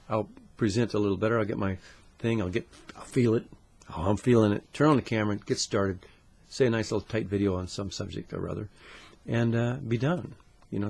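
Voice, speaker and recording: A man's voice: lowish voice, slightly rough. Swearing man ranting to camera. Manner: swears constantly, swings between loud outbursts and muttered asides. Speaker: channel host. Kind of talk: profane conspiracy rant to camera.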